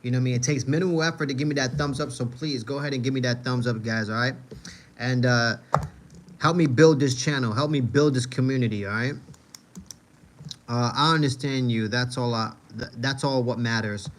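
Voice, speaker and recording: A man's voice: mid-range voice, fairly even intonation, brisk, slight background noise. A man from Manhattan with a New York accent, hosting a casual livestream and answering chat. He rambles, repeats phrases and keeps saying "you know what I mean.". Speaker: livestream host reading chat.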